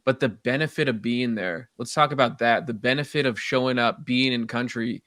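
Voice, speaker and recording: Laid-back guy rambling on a podcast, mid pitch, super dry sound. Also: moderate pace, a bit bright, no room sound. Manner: easygoing, loose and rambling, laughs at himself. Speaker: podcast co-host. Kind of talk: casual chat.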